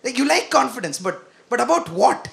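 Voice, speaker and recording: A young man performing a self-deprecating stand-up comedy set on a comedy club stage, animated and acting out quoted voices, into a handheld stage mic. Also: very high voice, brisk, vocal fry, a little hiss or hum.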